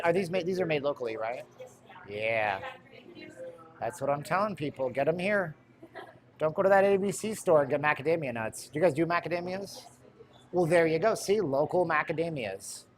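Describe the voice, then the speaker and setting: Middle-aged man, casual rambling livestream host on a phone mic, mid-pitched, clear background noise. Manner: chatty, rambling, jokey asides. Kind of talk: walking livestream commentary.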